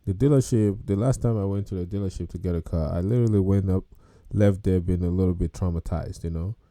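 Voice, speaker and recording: A man's voice: deep voice, fast talker, warm tone, dry recording. A man hosting a podcast, reacting to video clips about car payments with casual, incredulous commentary and laughter. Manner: incredulous, laughs and exclaims at prices.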